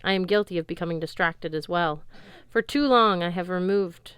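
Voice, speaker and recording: A woman voicing a calm, gentle male god speaking formally to his son. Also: fairly low pitch, smooth, no echo, close to an everyday voice. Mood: solemn. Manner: solemn, measured, formal.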